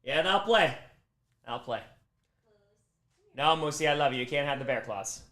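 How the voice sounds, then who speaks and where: A man hosts a charity livestream, his voice bright and sitting a little high. He chats loosely, fondly scolding his dog between thank-yous to donors. The sound carries a roomy echo. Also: expressive, normal speed. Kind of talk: casual livestream chat.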